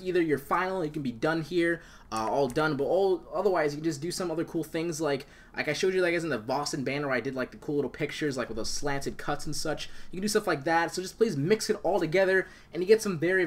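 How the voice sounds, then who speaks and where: A young man talks quickly through a casual software tutorial, his voice sitting a little high. He rambles with enthusiasm, piling up fillers and restarting his sentences as he works. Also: expressive. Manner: rambling, enthusiastic, many fillers and self-corrections. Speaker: tutorial host.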